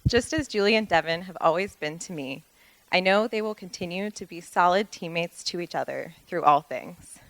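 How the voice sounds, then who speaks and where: A woman's voice: lowish voice, moderate pace, fairly bright tone, no echo, low-quality recording. A woman reading a prepared, fond wedding toast about a long friendship, with light laughs between phrases.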